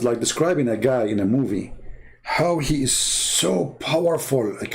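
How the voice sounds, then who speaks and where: A man from the Arab Middle East, an online commentator, delivers a sarcastic monologue to camera that is mocking, emphatic and full of rhetorical questions. His voice is medium-pitched and a little mellow.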